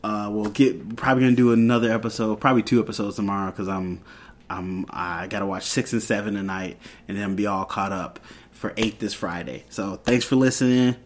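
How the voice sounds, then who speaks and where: A man's voice: on the low side, fairly even intonation, fairly quick. A man hosting a podcast, casually recapping a TV episode in a loose, rambling way and quoting the characters' lines. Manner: retells scenes with quoted dialogue, loose and rambling. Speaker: podcast host.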